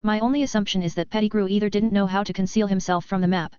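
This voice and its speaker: A woman narrating a first-person fan-fiction audiobook in a steady storytelling read. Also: mid-range voice, quick pace, clean tone, no room sound, lo-fi sound.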